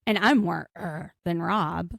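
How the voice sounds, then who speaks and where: Brief: woman co-host, low gravelly voice, chatty and jokey, dry close sound. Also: animated, dry recording. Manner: chatty, jokey, quick asides. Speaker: podcast co-host. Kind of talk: casual recap chat.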